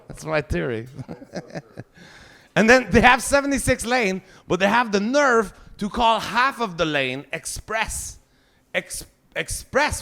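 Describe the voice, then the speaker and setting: Forties guy w a quebec french accent ranting + swearing thru a standup set, voice on the higher side. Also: a bit bright. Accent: Québécois French. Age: 40s. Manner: profane, ranting, swears heavily. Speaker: stand-up comedian.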